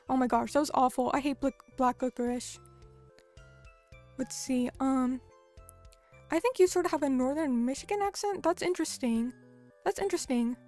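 Young american girl streaming, high voice, rambly casual chat w/ lots of likes and ums, soft music in back. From United States. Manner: chatty, filler-heavy, reads and answers chat.

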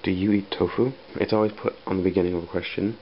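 Slow, gravelly-voiced man teaching grammar. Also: sits low, steady tone. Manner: unhurried, with pauses and fillers. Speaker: English teacher. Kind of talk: grammar lesson explanation. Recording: dull lo-fi sound with faint background hiss.

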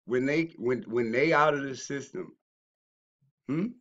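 A man ranting in a lo-fi callout video, his voice sitting in a middling register. He mocks his critics, dropping to low mutters and then bursting into shouts. The audio sounds dull and muffled. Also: measured pace. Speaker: YouTuber. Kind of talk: confrontational response video rant.

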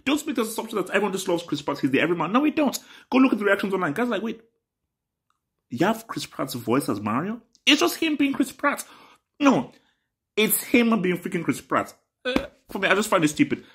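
A man rants on camera in an exasperated, emphatic way, and his pitch swings widely as he presses each point. He talks casually and with indignation, in the manner of an online commentary video. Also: very animated, fast talker, fairly bright tone. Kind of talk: ranting commentary vlog.

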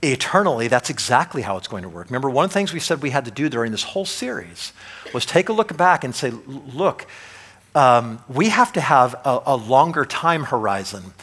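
A man's voice: medium pitch, sing-song, brisk, a bit bright, breathy edge. A man preaching a sermon as pastor in a church, talking conversationally and often checking in with the congregation.

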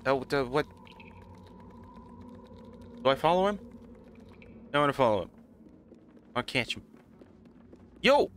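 A man's voice: mid-range voice, expressive, a little slow, long pauses, slight background noise. A man casually commenting on a game as he plays, rambling and chuckling at himself. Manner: rambling, self-mocking, laughs often. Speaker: gaming channel host. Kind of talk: casual let's play commentary.

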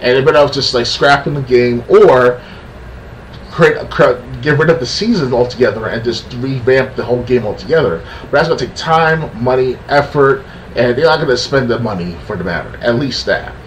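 A man's voice: medium pitch, animated, moderate pace. Frustrated rambling man on a distant mic. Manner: frustrated, rambling with many restarts. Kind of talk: casual podcast rant. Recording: distant mic with faint background noise.

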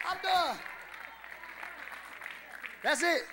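A man pastor preaching an Easter sermon live in a church on a handheld mic, exuberant and shouting, laughing and trading call-and-response with the congregation. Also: very high voice, animated, drawn-out words, some chatter behind. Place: church sanctuary. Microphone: handheld microphone.

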